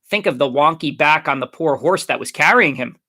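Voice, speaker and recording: Cheeky teasing teen girl, raised and bright; male reader voices her. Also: fairly high pitch, lively intonation, a little fast. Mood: playful. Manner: playful, teasing. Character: cheeky, lively teen girl, warm friend.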